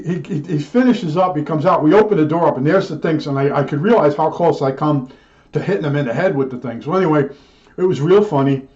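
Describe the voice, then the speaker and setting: An older man spins a work story in a fairly high voice, doubling back and restarting as he goes. The recording sounds dull and slightly lo-fi. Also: darkish tone. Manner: chatty, digressive, many restarts and asides. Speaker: storyteller recalling old work days. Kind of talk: rambling personal anecdote.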